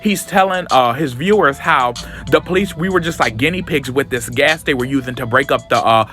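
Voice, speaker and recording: A man's voice: medium pitch, a little fast, bright, forceful tone, soft background music. A man recapping a comic book in sassy, chatty commentary, often calling the listener honey. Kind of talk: casual commentary.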